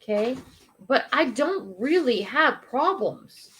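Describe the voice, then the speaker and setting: A woman's voice: high-pitched, slow pace, a little hiss or hum. Chatty older woman telling a story. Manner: chatty, animated, laughing through a funny story. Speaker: livestream host. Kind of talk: casual storytelling on a livestream.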